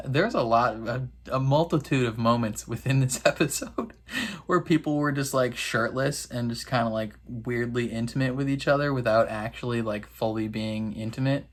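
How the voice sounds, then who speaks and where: A man in casual reaction commentary, chatty and wry, laughing often and filling pauses with "um". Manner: acts out characters' lines in quick high voices. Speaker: reaction video host.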